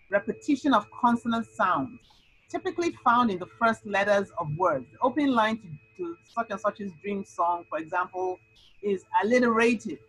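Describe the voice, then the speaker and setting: A woman tutor teaching an SAT lesson over a video call, explaining with lively, animated delivery. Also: mid-range voice, slightly rough, dry recording, low-quality recording. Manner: lively, animated explaining with sound-word outbursts.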